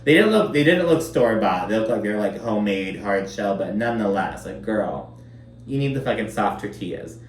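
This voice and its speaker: A man's voice: on the low side, animated, a little fast. A man casually recapping a reality show, chatty and sarcastic, full of fillers and swearing. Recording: roomy echo, slightly distant mic, faint background noise.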